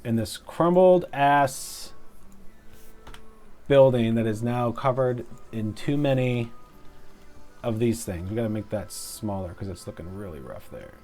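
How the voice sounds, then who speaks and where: A man's voice: medium pitch, animated, unhurried, long pauses, darkish tone, soft background music. A man casually commenting while he plays a building game, mumbling, swearing and cracking jokes about himself, into a clip-on mic. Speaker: game streamer.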